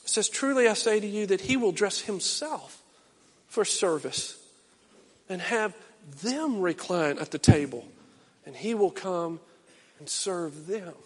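A middle-aged male pastor preaching a sermon, swinging from loud impassioned calls to low, quiet urging. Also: animated, unhurried, long reverb tail.

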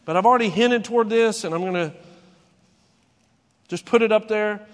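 A pastor preaching to his congregation in a high voice. He talks conversationally, full of rhetorical questions and acted-out exchanges. His words ring with a long reverb through a big church hall. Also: normal speed. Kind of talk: sermon. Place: church sanctuary.

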